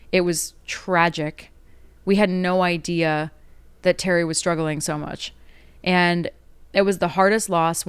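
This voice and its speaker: A woman's voice: on the low side, clean tone, dry recording. A woman podcast host talking in a casual, rambling monologue, full of "like" and self-corrections. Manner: chatty, rambling, heavy on "like", frequent self-corrections.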